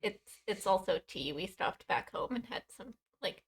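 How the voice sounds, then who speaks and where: A woman's voice: medium pitch, lively intonation, moderate pace. Hesitant woman player in a game. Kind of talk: casual tabletop play.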